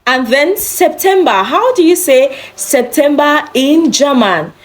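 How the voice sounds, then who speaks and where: Slow, patient woman teaching German. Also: on the high side, expressive. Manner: slow, repeats each word several times for practice. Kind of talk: beginner language lesson.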